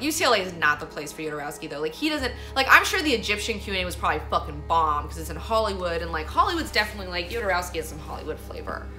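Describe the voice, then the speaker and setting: A woman vlogger tells a story as a casual monologue, rambling, swearing, and saying "like" constantly. Her voice is on the low side, pushed and bright.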